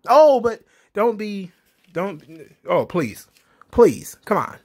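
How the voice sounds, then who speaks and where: A young man with a slightly high voice rants through a casual recap of a wrestling show. He sounds exasperated and keeps hammering his points home by repeating them. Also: very animated, slow. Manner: exasperated, ranting, repetitive emphasis.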